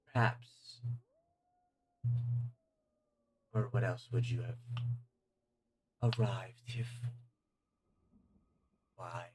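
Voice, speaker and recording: A man's voice: mid-range voice, a little mellow, slightly rough, voice pushed up. A man voicing a haughty male archdemon with a put-on British accent, mocking and menacing.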